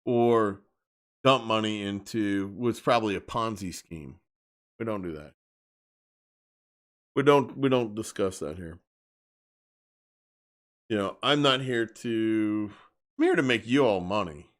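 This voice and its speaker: A man's voice: lowish voice, slow, long pauses. A man talking straight to his live-stream viewers in a loose, unscripted rant. He is blunt and emphatic and circles back to repeat his points. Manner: blunt, emphatic, repeats himself while ranting.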